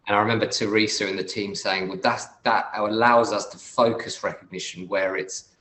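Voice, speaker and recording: A man moderating a webinar panel in a conversational way, halting and repeating words as he thinks. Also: on the low side, steady tone, pushed and bright. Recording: roomy echoey sound.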